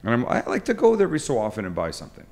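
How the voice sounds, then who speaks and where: A man's voice: medium pitch, huge pitch swings, vocal fry, darkish tone. A man hosting a live cooking webcast, telling jokey stories in casual banter. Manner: joking storyteller, quick asides. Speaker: cooking show host.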